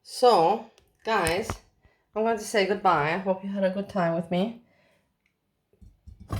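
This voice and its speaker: A woman chatting casually to her viewers while she cooks in her home kitchen. She talks in a blunt, offhand and rambling way. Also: fairly low pitch. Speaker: vlogger. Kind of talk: casual cooking vlog chat.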